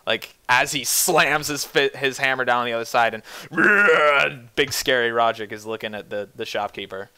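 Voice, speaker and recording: Young male game master, bright forceful voice, dry close sound; animated narration. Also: mid-range voice, moderate pace, hardly any pauses, clear, resonant tone, no echo.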